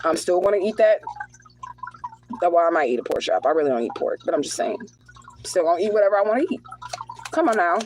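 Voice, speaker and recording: A woman's voice: on the low side, very animated, quick pace, long pauses, a little mellow, slight background noise, rough recording. A woman doing a live spiritual card reading who speaks bluntly and with heavy profanity. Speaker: spiritual reader. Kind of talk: live tarot reading and rant.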